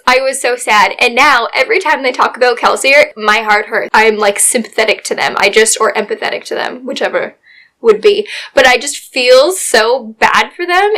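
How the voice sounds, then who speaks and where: A young woman talking casually and excitedly about books, full of "like" fillers and quick asides. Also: a little high. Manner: chatty, gushing, lots of "like" fillers. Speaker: book vlogger. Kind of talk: casual book review chat.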